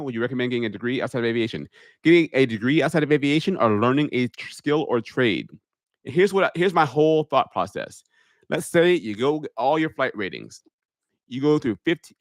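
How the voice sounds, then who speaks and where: A man speaks in his polished public speaking voice, not his everyday one. He reads viewer questions aloud and answers them plainly, as a pilot hosting a live stream from his home media room. His pitch sits in the middle range and the sound is close and dry on a studio microphone. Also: lively intonation, no room sound. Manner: uses a deliberate put-on public speaking voice. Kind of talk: live Q&A stream, casual chat. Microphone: studio microphone on a holder.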